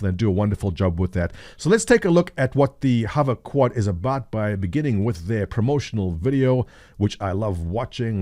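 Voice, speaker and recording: A man's voice: on the low side, dark tone, no echo, clean studio sound. A man hosting a casual gaming video, chatting and joking through news and a promo clip with loose fillers. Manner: chatty, jokey, with frequent uh fillers. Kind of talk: casual gameplay commentary.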